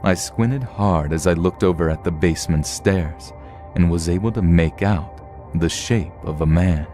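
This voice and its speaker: A man narrating true horror stories in a steady, measured storytelling read. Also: low-pitched, faint music behind.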